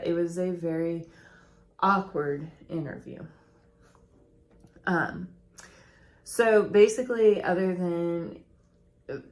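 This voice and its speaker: A woman co-hosting a podcast, chatting casually as she tells a true-crime story and acts out quotes from the people in it. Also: lowish voice. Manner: chatty, recounts events with quoted voices.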